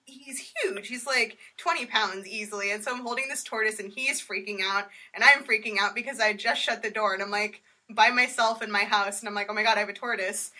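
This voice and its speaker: Bright, laughing woman telling a story. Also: mid-range voice, a little fast, few pauses. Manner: animated, laughing, acts out quotes. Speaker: storyteller guest. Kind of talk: casual comedic storytelling.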